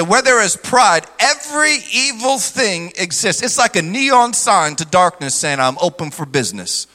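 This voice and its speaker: A man's voice: high voice, pushed and bright. A male pastor preaching a sermon energetically, mimicking skeptics in mocking voices. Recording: long hall reverb.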